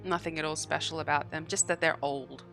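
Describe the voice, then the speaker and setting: A woman narrating a tabletop game as dungeon master, animated and quick to laugh. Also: low-pitched, gravelly, faint music behind. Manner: giggly, animated.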